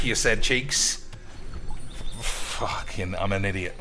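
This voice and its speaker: A man commentating his card game stream in a crude, joking, excitable way. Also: lowish voice, unhurried, a little hiss or hum.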